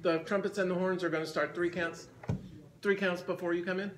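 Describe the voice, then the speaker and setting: A man's voice: high voice, level tone, a little fast, fairly bright tone. A man conducting a band rehearsal, counting the players in and singing phrases to show how they should sound. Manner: counts in, sings phrases to demonstrate. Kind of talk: rehearsal instruction. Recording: band music in the room. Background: band playing.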